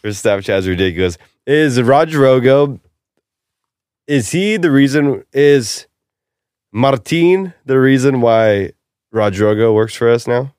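A man's voice: medium pitch, slow, a little mellow, smooth, dry recording, studio quality. A man hosting a casual podcast, brash and joking, swearing freely. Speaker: podcast host. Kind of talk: casual crude banter and ad read.

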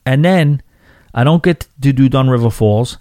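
A man from New York hosting a podcast, telling a travel story in an animated, profane rant full of restarts. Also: mid-range voice, moderate pace, no echo, studio quality. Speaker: podcast host. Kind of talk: casual storytelling monologue.

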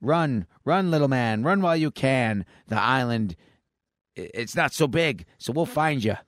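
A man's voice: mid-range voice, expressive, unhurried, no room sound, clean studio sound, voice pushed up, lightly acted. A man voicing a menacing, heavyset female drug boss who taunts and threatens. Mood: taunting.

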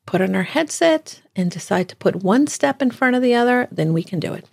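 A woman co-hosting a casual chat, telling stories in a lively way, laughing often and acting out what she said. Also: on the high side, fairly quick, creaky. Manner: animated, laughs often, acts out her own lines. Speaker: podcast co-host.

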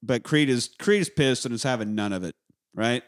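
Animated man retelling a movie. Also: mid-range voice, normal speed. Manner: animated retelling, acting out lines with voices; swears freely. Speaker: podcast co-host recapping a film. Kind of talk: casual chat.

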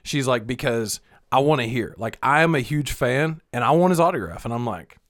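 A man's voice: mid-range voice, brisk. A middle-aged man co-hosting a podcast, telling stories in casual, profane chat. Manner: animated storyteller, swears freely. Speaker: podcast co-host.

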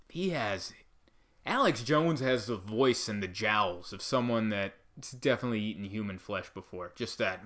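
A man delivering a rambling comedic monologue, animated and full of asides. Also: on the low side, normal speed.

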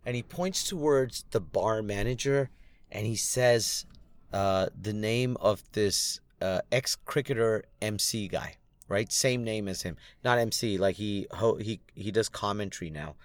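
A man's voice: fairly low pitch, unhurried, no echo. A man casually telling a rambling, self-deprecating story to his viewers, full of restarts and fillers. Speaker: comedy night producer and content creator.

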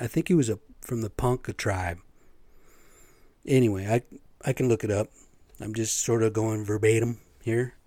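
A man's voice: on the low side, a little mellow, no room sound. A man hosting his own podcast, rambling in casual, profane talk with lots of fillers. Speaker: podcast host. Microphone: podcast microphone.

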